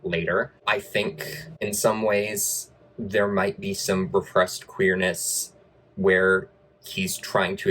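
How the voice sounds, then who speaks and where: A man's voice: low-pitched, fairly bright tone, a little hiss or hum, low-quality recording. A man giving a casual film review with wry, sarcastic asides.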